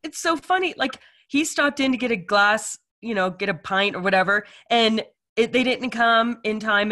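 Woman, middle-aged, co-host, casual chat, chatty, halting, many fillers, bright tone. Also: medium pitch. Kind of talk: casual chat, reading reviews aloud.

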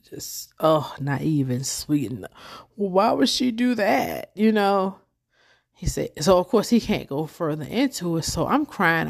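Young woman host, lower voice, rambling emotional storytelling, casual and chatty. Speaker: podcast host.

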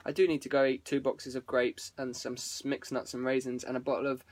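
A man's voice: mid-range voice, little pitch movement, a little fast, no echo. Rambling, sweary man. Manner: rambling, sweary, self-interrupting. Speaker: musician hosting a live stream. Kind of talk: casual chat with viewers.

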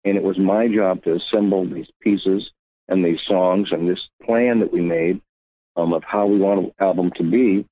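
A man with a fairly low voice tells his story at length, slipping into the voices of people he quotes. He is heard over a narrow, phone-like line. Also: steady tone, normal speed. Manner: rambling anecdotal, acts out quotes. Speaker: musician guest. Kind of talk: interview storytelling.

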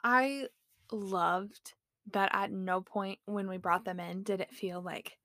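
A woman co-hosting a podcast, talking in a measured, logical and reflective way during casual conversation. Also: medium pitch, fairly even intonation, a bit bright, dry recording. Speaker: podcast co-host. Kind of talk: casual chat.

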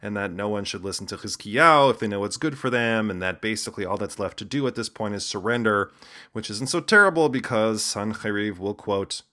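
Male host, lowish voice, dry scripted narration with joking asides. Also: brisk, sharp tone. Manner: wry, casual asides.

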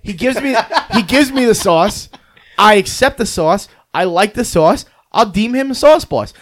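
High-pitched male podcast co-host; loud, swearing, mock-outraged rants. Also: lively intonation, unhurried. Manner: ranting, profane, mock-indignant. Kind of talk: casual podcast banter.

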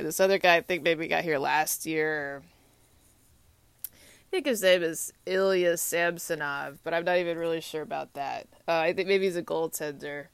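A young adult woman talking casually in a rambling, repetitive monologue with frequent filler pauses. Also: lowish voice, clear, resonant tone, no echo. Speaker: hockey fan.

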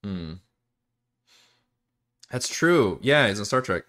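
Low-voiced man chatting casually. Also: sing-song, slow pace, pushed and bright. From Texas, USA. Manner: rambling, restarts often, swears casually. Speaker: dungeon master streaming campaign prep. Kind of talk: casual live-stream chat, reading chat.

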